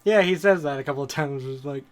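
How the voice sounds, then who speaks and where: A fast-talking man with a slightly high voice co-hosts a podcast. He keeps the chat casual, rambling through digressive stories that move from one topic to the next.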